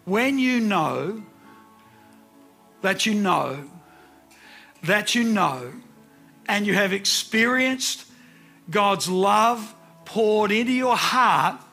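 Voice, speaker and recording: A man's voice: very high voice, sharp tone, husky. A man in his sixties preaching a sermon, telling personal stories earnestly and repeating words for emphasis. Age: 60s.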